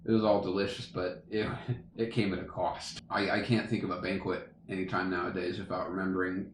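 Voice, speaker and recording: A man's voice: sits low, flat delivery, brisk, slight background noise. Laughing young man telling a story. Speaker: podcast co-host. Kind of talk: casual storytelling. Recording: echoey room.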